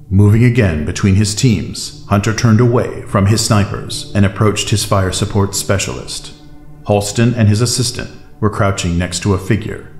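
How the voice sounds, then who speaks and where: A man narrating an audiobook in a measured, steady way. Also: fairly low pitch. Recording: roomy echo, faint music bed.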